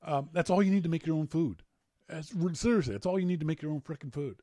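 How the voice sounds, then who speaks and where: A man hosting a tech podcast in casual chat, animated and rambling, with jokes and repeated words. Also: a little high, fast, dry recording, clean studio sound. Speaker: podcast host.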